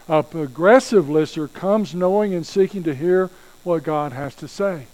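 A man's voice: fairly high pitch, normal speed, a little mellow, low-quality recording. A man preaching a sermon with emphasis, acting out quoted voices and praying aloud. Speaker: pastor.

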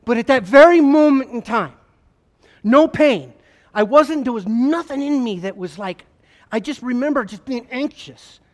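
A man, a former state trooper, gives an emotional personal testimony to an audience, telling it earnestly with halting repeats. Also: very high voice, expressive. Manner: earnest, halting storytelling with repetitions. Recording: long hall reverb.

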